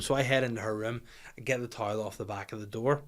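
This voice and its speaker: A man's voice: lowish voice, steady tone, fast, a bit bright. A man, a comedian hosting a podcast, telling a rambling, sweary comic story.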